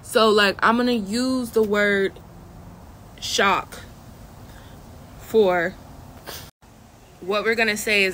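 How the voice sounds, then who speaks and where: A woman's voice: medium pitch, steady tone, slow pace, pauses often, fairly bright tone, slight background noise. A woman from Florida talking in a chatty, blunt way, coaching her viewers in a casual vlog. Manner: chatty and blunt, laughs often. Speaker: online coach.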